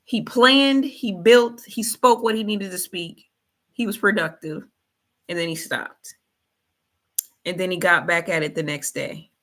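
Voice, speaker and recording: A woman's voice: lowish voice, a little slow, fairly bright tone. A woman hosting a motivational faith talk, colloquial, preachy and repetitive. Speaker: host.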